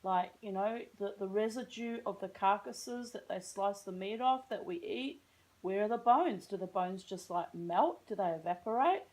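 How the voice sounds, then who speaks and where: A woman's voice: mid-range voice, animated, moderate pace, darkish tone, low-quality recording. An Australian woman telling a rambling, self-mocking story in a casual vlog, chatting along and drifting off on tangents. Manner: chatty, tangential, self-mocking, slips into put-on American voices. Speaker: vlogger.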